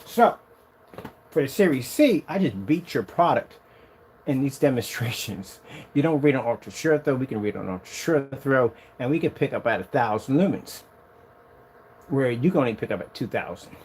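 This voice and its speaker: A man casually demonstrating a projection screen on a vlog, excited and rambling, boasting about his product. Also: moderate pace, slight background noise. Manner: sings snatches of a tune in a high voice.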